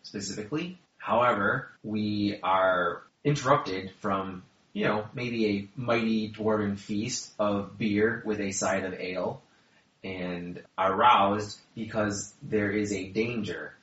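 A man narrates a tabletop game as game master in a low, measured voice. The recording sounds roomy and dull, and he takes his time with each line. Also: fairly bright tone.

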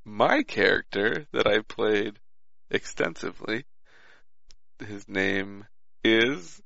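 A man's voice: on the low side, vocal fry, pushed and bright, no room sound, muffled recording. A man chatting about a tabletop game and reading his character notes aloud, with small stumbles.

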